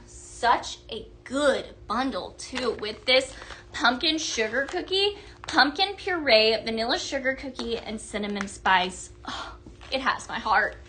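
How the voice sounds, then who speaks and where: A woman hosts a live shopping stream. She gushes about products and reads viewer votes aloud. Her voice is bright and sits a bit high. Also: a little hiss or hum. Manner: bubbly, gushing, reads viewer comments aloud. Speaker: live-selling host.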